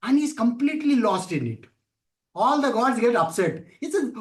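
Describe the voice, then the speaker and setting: A high-pitched man teaching a scripture class, telling a story with animated acted-out voices. He keeps asking his listeners questions. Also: moderate pace. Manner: animated storytelling, acting out voices of people and gods. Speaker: spiritual teacher.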